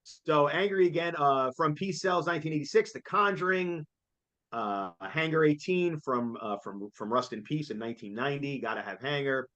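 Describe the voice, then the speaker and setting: Excitable man, slightly high voice. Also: moderate pace, dull audio. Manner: excitable, jokey, laughs often. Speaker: co-host reviewing a concert. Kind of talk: casual chat.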